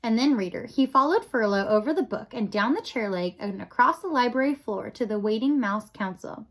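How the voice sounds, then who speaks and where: A woman narrates a children's storybook with expressive, lively delivery. Her voice sits a little high and swings widely in pitch. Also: brisk. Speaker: audiobook reader.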